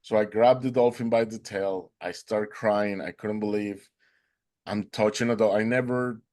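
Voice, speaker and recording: A man earnestly telling a personal story, halting and restarting as he goes. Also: on the low side, fairly even intonation, a little mellow.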